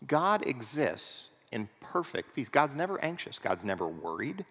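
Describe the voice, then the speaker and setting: A pastor preaching a sermon in a conversational way, often checking in with the congregation through rhetorical questions. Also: male voice, medium pitch, big pitch swings, unhurried, fairly bright tone. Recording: long reverb of a large hall.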